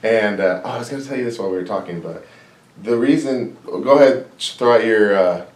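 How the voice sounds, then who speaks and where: A man's voice: on the low side, fairly quick. A man hosting a podcast, chatting casually and joking, rambling and self-deprecating. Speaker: podcast host. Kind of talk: casual interview. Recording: echoey room, mic at a distance.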